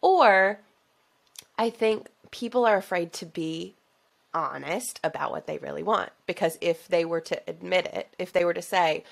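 A woman hosting a coaching podcast who talks in a reflective, animated way and laughs often. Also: on the low side, moderate pace, creaky. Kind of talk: casual interview chat.

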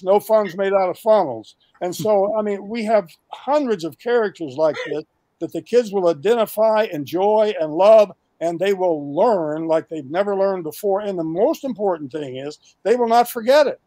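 An older man talks eagerly and emphatically, stacking up lists and restarting his sentences as he pitches. His voice sits a little high for a man and sounds close and dry. He is heard over a video call. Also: moderate pace, no echo. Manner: animated, emphatic listing, restarts. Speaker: guest. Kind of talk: enthusiastic pitch of a project.

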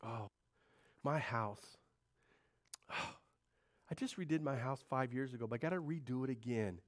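A pastor preaching in a relaxed, conversational way, his mid-range male voice rising into loud, animated bursts and dropping to near-quiet confessions. He talks straight to his congregation from the stage. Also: mid-range voice, normal speed. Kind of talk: sermon.

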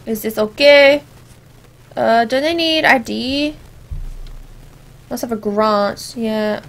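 A woman doing let's play commentary, sarcastic and animated, talking back at the characters on screen. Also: on the high side, slow, a little hiss or hum, poor audio. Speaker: gameplay commentator.

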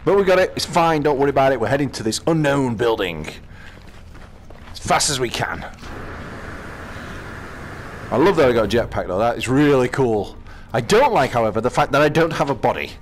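A British man casually commenting as he plays a VR game, chatting to himself with quick exclamations. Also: medium pitch, expressive, a little hiss or hum. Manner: chatty, talks to himself while playing, exclamations. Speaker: gaming channel host.

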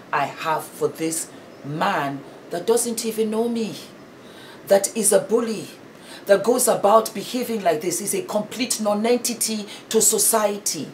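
A woman's voice: lowish voice, slight background noise. A middle-aged British woman giving impassioned, emphatic commentary, preachy and repeating her points.

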